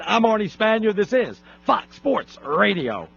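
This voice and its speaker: A man hosting a sports radio talk show, ranting in an exasperated, rapid-fire way. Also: sits high, big pitch swings, creaky, fairly bright tone, a little hiss or hum. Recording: lo-fi radio broadcast.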